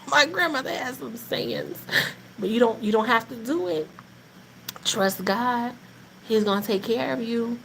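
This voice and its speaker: A woman's voice: a little high, unhurried, vocal fry, a little hiss or hum, low-quality recording. A woman hosting a live faith talk, mixing casual encouragement with funny family stories. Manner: animated, laughing, preachy encouragement in Southern Black vernacular. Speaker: host of a faith talk stream.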